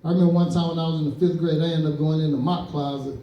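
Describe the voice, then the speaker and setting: A male stand-up comedian from East Saint Louis, Illinois, speaks at a racing pace in a steady tone, his voice on the high side. He tells stories and acts out quotes, recorded from a distance in an echoey club, with the high frequencies cut off.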